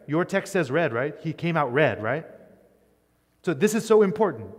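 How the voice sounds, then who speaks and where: Male teacher, slightly high voice, chatty lecture style, long hall reverb. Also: a little mellow. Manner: conversational, keeps asking "right?". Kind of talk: classroom Bible lecture. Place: church.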